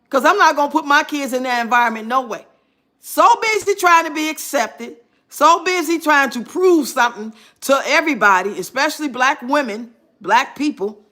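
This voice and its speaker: A woman's voice: high-pitched, sharp tone. A woman giving blunt, sarcastic reaction commentary on a clip. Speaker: commentary streamer.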